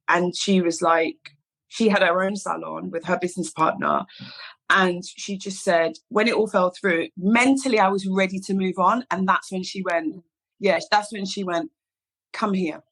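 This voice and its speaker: She's a salon founder and hairdresser from England, in her thirties, speaking with a London accent as a guest in an informal interview. Her voice is medium-pitched, steady, gravelly and a bit bright, at a normal pace, and she voices the people in her stories. The recording quality is rough.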